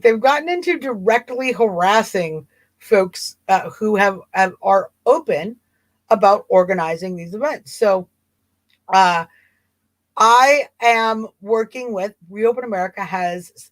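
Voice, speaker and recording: Woman host, casual livestream chat, amused and rambling, mid pitch, dry sound. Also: dry recording. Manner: chatty, amused, rambling with repeats.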